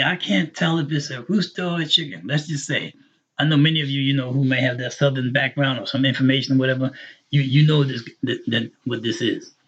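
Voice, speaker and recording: A man teaching a live online language lesson, patiently repeating words slowly for learners. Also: mid-range voice, a bit bright, breathy edge, lo-fi sound. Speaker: Arabic teacher.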